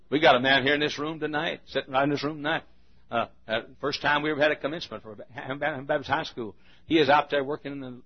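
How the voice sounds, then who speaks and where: An older man, a pastor preaching a sermon in a folksy storytelling manner, dropping to a hush and then bursting out loud. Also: a little high, husky. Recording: dull, lo-fi archival sermon recording.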